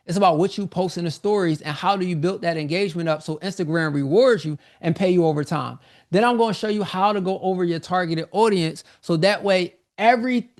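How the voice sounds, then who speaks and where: A man pitches his course on a live webinar, loose and energetic, repeating himself as he goes. His voice sits a touch high and has a gravelly rasp. He sounds slightly out of breath. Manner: energetic, repetitive, informal salesman talk. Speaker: online business coach hosting a live sales webinar.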